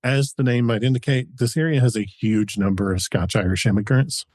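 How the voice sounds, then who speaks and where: A man's voice: medium pitch, a little fast, darkish tone, no echo. A man co-hosting a podcast, telling a history story in a chatty, researched way with frequent chuckles. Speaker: podcast co-host.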